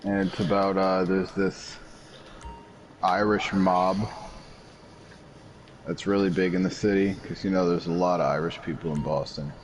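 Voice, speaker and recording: A man's voice: low-pitched, flat delivery, a little slow, long pauses. A man chatting casually while playing a game, rambling and explaining at length. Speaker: gamer. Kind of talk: casual chat while gaming. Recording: noisy game audio behind.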